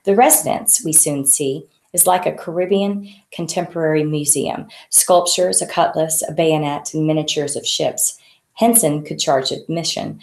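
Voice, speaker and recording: Woman reading her own book, low gravelly voice, echoey room. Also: normal speed, darkish tone. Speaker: author. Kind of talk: audiobook reading of her novel.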